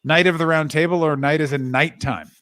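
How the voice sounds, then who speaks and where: A man's voice: a little high, steady tone, bright, forceful tone, clean tone. A man co-hosting a stream, chatting casually and cutting himself off mid-thought. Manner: quick, chatty, self-interrupting. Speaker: stream co-host. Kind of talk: casual chat.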